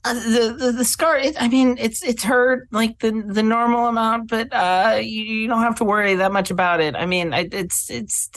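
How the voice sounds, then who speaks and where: A woman's voice: fairly high pitch, fairly even intonation, normal speed, few pauses. A woman playing her character in a tabletop game, stammering nervously. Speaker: player.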